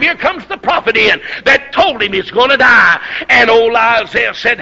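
A preacher with a high, piercing, very bright voice, working through a revival sermon in storytelling bursts. He swings from quick asides to slow, shouted climaxes. The recording is dull and lo-fi. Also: expressive, gravelly.

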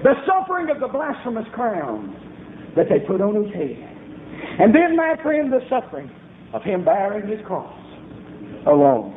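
A man preaching a revival sermon with fervent, rhythmic shouting bursts. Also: sits high, huge pitch swings, moderate pace, slight background noise. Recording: echoey room over a tinny phone-like line.

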